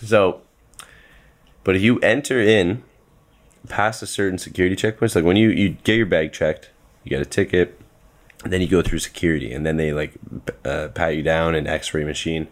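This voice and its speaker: A man's voice: deep voice, steady tone, moderate pace, pauses often. A man co-hosting a podcast, chatting casually and joking, with a laid-back, rambling delivery full of fillers. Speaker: podcast co-host. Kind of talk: casual chat.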